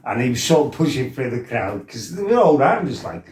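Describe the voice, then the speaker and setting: A man's voice: medium pitch, very animated, fairly quick, darkish tone, echoey room. A middle-aged man tells his life story casually, laughing, swearing and acting out what people said. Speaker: former fighter telling his life story.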